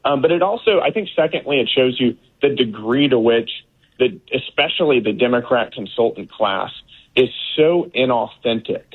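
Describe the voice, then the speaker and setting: A man's voice: medium pitch, expressive, moderate pace, husky. A man speaking as a political guest, scornful and dismissive, laughing at his opponents. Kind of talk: remote interview commentary. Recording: tinny phone-like line.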